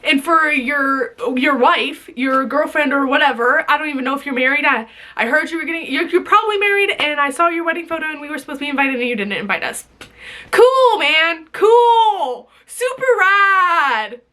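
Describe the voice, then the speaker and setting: A young woman with a high, bright voice rants straight to camera. She is bitingly sarcastic and swears freely, and her voice catches with emotion at times. She speaks in an emotional vlog style. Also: quick pace, few pauses. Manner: bitterly sarcastic, swearing, voice breaking. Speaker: vlogger. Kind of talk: emotional direct-to-camera rant.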